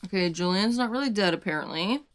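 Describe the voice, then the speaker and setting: A young woman vlogging a book reread, reading passages aloud and breaking off into dramatic, excited asides. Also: medium pitch, fast. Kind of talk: casual reading vlog.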